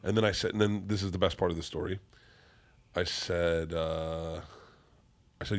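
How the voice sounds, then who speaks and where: A man's voice: low voice, steady tone, normal speed, long pauses. A middle-aged man, a comedian guest, telling a wild story in casual chat, profane and rowdy, acting out the people he quotes.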